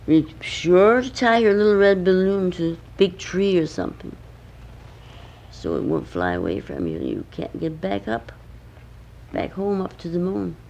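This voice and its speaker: A woman's voice: lowish voice, very animated, moderate pace, gravelly, darkish tone, lo-fi sound, a little hiss or hum. An older woman voicing a kindly, fatherly old man in the moon in a storybook tale, patient and reassuring.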